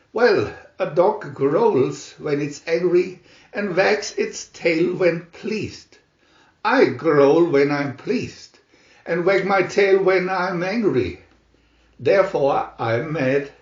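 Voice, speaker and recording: A man's voice: sits high, takes it slowly. A man voicing a grinning, teasing male cat in a storybook reading, with a sly, riddling manner. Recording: roomy muffled home recording.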